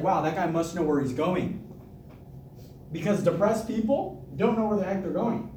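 A man giving an energetic motivational talk to a group, hyped and repetitive, laughing often. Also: high-pitched, slight background noise. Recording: echoey room, mic from a distance.

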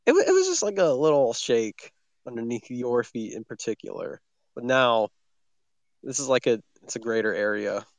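A man's voice: medium pitch, sing-song, normal speed, dry recording. A man acting as narrator of an improvised story game, setting scenes loosely with lots of filler words.

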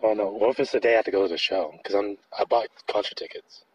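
A man with a husky voice chats on a podcast, rambling through his stories with many filler words. The sound is dull and lo-fi. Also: on the low side, fast talker, darkish tone. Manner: rambling, laughs often, many likes. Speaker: podcast co-host. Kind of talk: casual chat.

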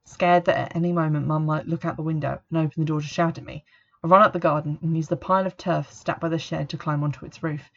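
A woman reading a first-person story as narrator, in a steady, even manner, on a dull lo-fi recording. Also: low-pitched, fast talker, gravelly, hardly any pauses. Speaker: audiobook narrator.

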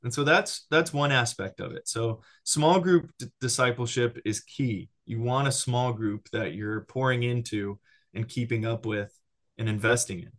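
A man talks through discipleship in a loose, conversational teaching style. He is animated, restarts his sentences often and keeps checking in with his listener. His voice sits at an ordinary middle pitch. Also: moderate pace. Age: adult with a child. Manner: animated, lots of restarts and "right?" check-ins.

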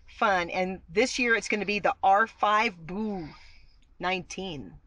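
A woman's voice: medium pitch, a little slow, fairly bright tone, no room sound, low-quality recording. A woman hosting a podcast, chatting casually as she reads out fan news items. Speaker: podcast host.

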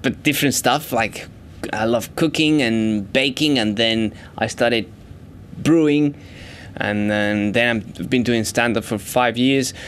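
A man and stand-up comic talking about himself in a loose, animated way. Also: measured pace, slight background noise. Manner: animated, jumps into high mock voices for quoted people. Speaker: stand-up comedian. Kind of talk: stand-up set and interview.

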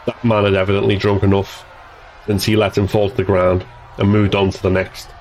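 A man narrating an action scene as a scripted audiobook reading, in a steady, measured way. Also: fairly low pitch, slight background noise, rough recording.

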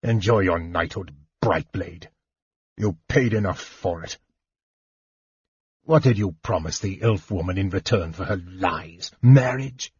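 Low, husky, hissing villainous knight, read by a man, dull close recording. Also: unhurried, no echo, exaggerated voice. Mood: seething. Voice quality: soft, shaking, menacing. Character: bitter proud male knight lord, hateful. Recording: muffled lo-fi audiobook recording.

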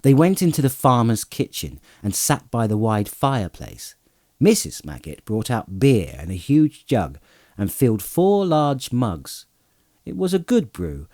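A man's voice: fairly low pitch, warm tone, dry recording, clean studio sound. A man reading a fantasy novel aloud as an audiobook narrator, telling the story expressively. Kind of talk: scripted narration.

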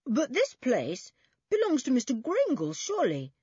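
A woman's voice: high voice, huge pitch swings, normal speed, mellow, husky, dry recording, lo-fi sound, voice pushed up, full character voice. A woman voicing a curious, outspoken boy in a storybook reading.

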